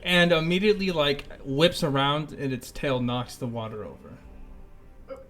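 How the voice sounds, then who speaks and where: A man's voice: on the high side, lively intonation, unhurried, over music. A man narrating as game master, describing scenes and prompting players casually.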